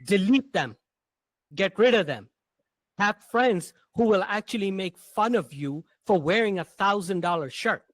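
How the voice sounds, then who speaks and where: High-voiced man, blunt and emphatic. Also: lively intonation, a little slow, fairly bright tone, no echo. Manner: blunt, emphatic storytelling with slang. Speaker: guest, entrepreneur. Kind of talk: casual podcast conversation.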